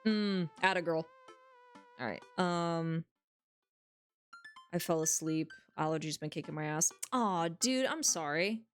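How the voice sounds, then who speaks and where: A woman's voice: low-pitched, unhurried, long pauses. A young woman streamer giving casual, joking game commentary, giggling often and swearing freely, over faint music.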